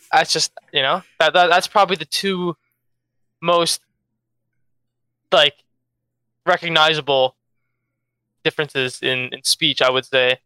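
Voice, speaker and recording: A man's voice: fairly high pitch, sharp tone, smooth, dry recording. A young man with a strong Philadelphia accent, jet lagged, chatting casually as a guest and repeating words while he thinks. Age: young adult. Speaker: esports player guest. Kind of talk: casual interview.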